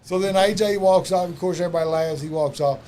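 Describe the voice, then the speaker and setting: A man's voice: sits high, quick pace, dark tone. A man telling loose, profane wrestling stories in a casual chat, full of fillers and asides. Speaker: wrestling podcast guest.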